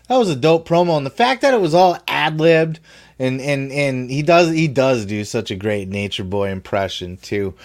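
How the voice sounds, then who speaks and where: A man hosting a wrestling podcast, talking in a blunt, profane, animated way. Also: medium pitch, normal speed. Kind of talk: casual opinionated commentary.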